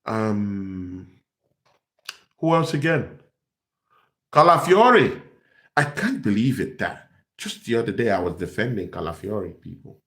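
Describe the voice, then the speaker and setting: A man's voice: medium pitch, animated, normal speed, pauses often, fairly bright tone. Ranting young man. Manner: exasperated ranting, repeats himself. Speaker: football fan channel host. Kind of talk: ranting fan reaction. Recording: echoey room.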